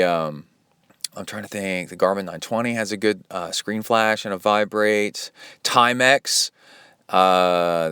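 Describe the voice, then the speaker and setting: A man's voice: on the low side, clear, resonant tone, no room sound, clean studio sound. A man hosting a podcast as a triathlon coach, talking in a rambling, chatty way with plenty of fillers and asides. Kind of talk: casual solo podcast talk.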